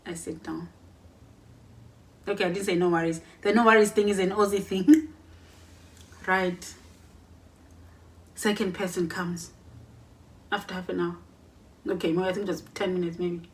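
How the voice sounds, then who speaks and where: A woman's voice: on the low side, fairly even intonation, normal speed, pauses often. A young woman vlogging to a camera set across a room, telling a long story in a chatty way, acting out both sides of conversations and often correcting herself. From Lesotho. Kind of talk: casual storytime. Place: warm room in a cold house.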